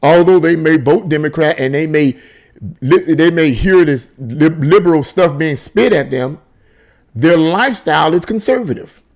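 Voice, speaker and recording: A man's voice: a little high, moderate pace, darkish tone. A man reading a news article aloud and breaking off into sarcastic commentary, often restarting and repeating words. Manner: reads aloud, then breaks off into sarcastic, repetitive asides; frequent restarts and stammered repeats.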